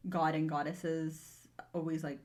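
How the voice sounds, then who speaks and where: A woman's voice: low-pitched, little pitch movement, measured pace, a little mellow. A young woman co-hosting a podcast, chatting casually and chiming in to finish her sister's sentences. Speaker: podcast co-host. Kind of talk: casual chat.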